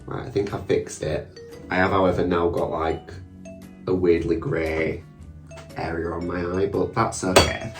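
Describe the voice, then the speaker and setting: A young man talks casually through a drag makeup routine, joking at his own expense and swearing now and then. His voice sits low. The room gives an echo, with faint music behind him. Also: level tone, a little slow, far from the mic. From England. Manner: chatty, self-mocking, sweary asides. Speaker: drag queen vlogger. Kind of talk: casual makeup tutorial chat.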